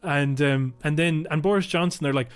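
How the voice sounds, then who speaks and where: A man co-hosting a casual political podcast, speaking close into his microphone. He rants with plenty of swearing and slips into quick, high mocking impressions of politicians. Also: clean tone. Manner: sweary, heated, mimics politicians with sharp pitch jumps. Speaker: podcast co-host. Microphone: podcast microphone close to mouth.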